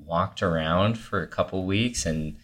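A man with a Midwestern American accent, a guest improviser chatting in a relaxed, wry way with many fillers. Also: low-pitched, measured pace. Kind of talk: casual chat.

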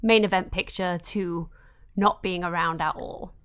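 A woman's voice: fairly low pitch, steady tone, unhurried, clean tone. A woman co-hosting a wrestling chat podcast, talking in an emphatic, incredulous way. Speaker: podcast co-host. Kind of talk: casual chat.

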